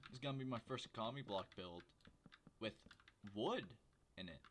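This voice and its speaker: A man streaming a video game from home, chatting and joking with viewers in a rambling, casual way on a quiet desk microphone. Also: medium pitch, animated, moderate pace, slight background noise. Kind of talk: casual livestream commentary while gaming.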